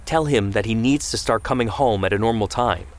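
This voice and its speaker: A man's voice: lowish voice, fairly quick, close to an everyday voice. A man voicing a worried middle-aged father who talks in a pleading way.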